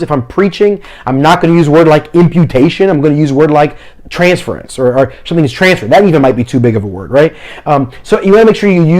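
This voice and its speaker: Fast-talking man giving practical advice. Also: fairly high pitch, a little mellow. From Philadelphia, family from Puerto Rico. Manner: fast-talking, explains by acting out examples. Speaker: mission trip leader and preacher. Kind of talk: instructional talk to camera.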